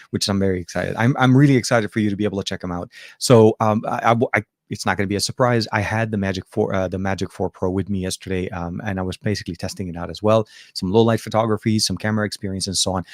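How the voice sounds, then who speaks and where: Here the Lebanese tech show host, an Arabic native speaker with an American accent and a faint trace of Arabic, has a fairly low-pitched voice recorded dry and studio-clean. His casual chat wanders, stuffed with fillers, restarts, and self-corrections.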